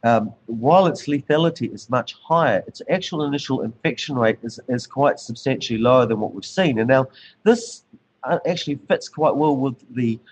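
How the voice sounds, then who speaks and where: A man with a New Zealand accent hosting an interview, talking quickly and in a rush. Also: mid-range voice, breathy edge, poor audio. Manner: rapid, rushed talker. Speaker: radio show host.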